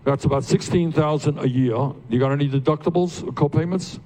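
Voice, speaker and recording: With a mellow, slightly high voice and a somewhat quick pace, an older candidate speaks at his town hall. He's emphatic, quizzing the crowd directly and climbing to passionate peaks.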